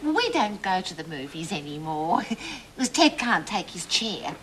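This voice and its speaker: A gentle, slow-spoken housewife. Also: female voice, fairly low pitch, very animated, slight background noise. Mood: polite. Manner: gentle, fussing, polite. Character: mild, polite housewife and hostess. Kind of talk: sitcom acting.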